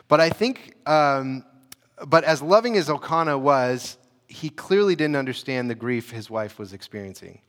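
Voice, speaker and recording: A man preaching a sermon in a relaxed, conversational way, often saying "you know" and restarting his sentences. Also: mid-range voice, long reverb tail. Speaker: pastor.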